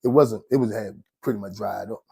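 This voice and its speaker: Husky man telling a story. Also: fairly low pitch, fairly quick. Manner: animated, slangy, laughs often. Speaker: host storyteller. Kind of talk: casual storytelling.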